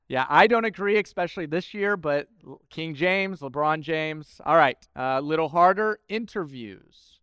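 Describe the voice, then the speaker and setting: Male pastor, high voice, chatty then emphatic sermon, dry close sound. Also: a bit bright, smooth, dry recording. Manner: conversational and playful, building to emphatic repetition.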